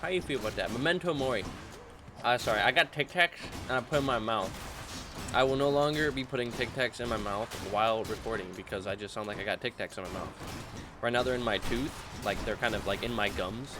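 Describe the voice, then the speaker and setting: A young man chatting casually in a rambling, animated way while playing a video game for his channel. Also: mid-range voice, a little fast, music in the background. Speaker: gaming channel host. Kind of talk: casual let's-play commentary.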